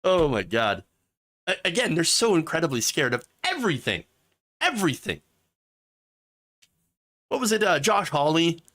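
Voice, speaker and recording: A man's voice: a little high, sing-song, a little fast, a bit bright. A man hosting sarcastic political commentary, mocking and mimicking the people he talks about. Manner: mocking, with exaggerated mimicking voices.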